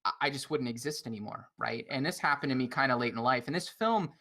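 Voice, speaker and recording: A man's voice: mid-range voice, quick pace, pushed and bright. A man co-hosting a roundtable film podcast, reflective and philosophical, often checking in with "right?". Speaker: podcast co-host.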